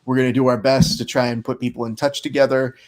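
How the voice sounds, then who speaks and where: A man's voice: medium pitch, little pitch movement, fast. Man hosting a podcast, joking, rambling, casual interview chat. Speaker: podcast host.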